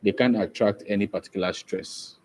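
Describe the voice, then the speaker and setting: A man's voice: fairly low pitch, a little mellow, a little hiss or hum. A man teaching an English exam-prep lesson, repeating each point and often asking if students understand. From Nigeria. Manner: slow, repetitive, checks understanding often.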